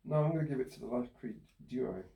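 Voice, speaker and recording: A man's voice: medium pitch, expressive, fast, creaky, warm tone, slight background noise. A man playing a casual card game at a table, making matter-of-fact remarks. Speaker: player. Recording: echoey room.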